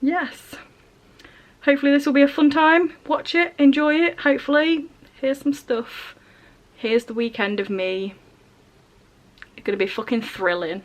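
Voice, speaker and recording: A woman's voice: high-pitched, measured pace. A young woman chatting casually at home for her vlog, with dry, self-mocking humour. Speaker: vlogger. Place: at home, indoors.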